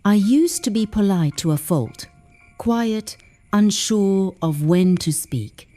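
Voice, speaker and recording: A woman narrating a first-person story for English learners in a slow, measured way, dropping to whispers at the tense moments. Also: medium pitch, expressive, dark tone, faint music behind.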